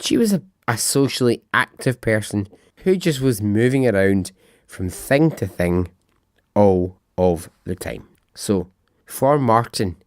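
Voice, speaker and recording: A man's voice: lowish voice, a little mellow, no room sound, studio quality. A man hosting a podcast, telling a true-crime story in a chatty, musing way, asking himself questions and swearing freely. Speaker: podcast host.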